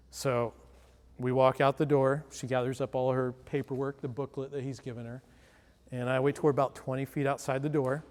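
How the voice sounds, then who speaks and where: Speaking briskly at medium pitch, a man gives a sales presentation in a hall thick with long reverb. He tells the audience an animated story, voicing the dialogue himself and asking the crowd questions.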